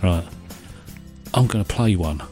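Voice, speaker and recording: A man's voice: deep voice, lively intonation, a little slow, mellow, soft background music. A man co-hosting a casual chat show, easygoing with a dry humour. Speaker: co-host.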